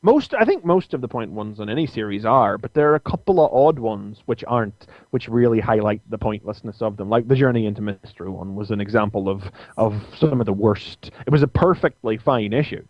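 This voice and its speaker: Man, low voice, opinionated podcast co-host, muffled lo-fi call audio, dry sound. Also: expressive, no echo. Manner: talkative, opinionated, quick asides. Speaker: podcast co-host, comics reviewer. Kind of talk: casual podcast chat.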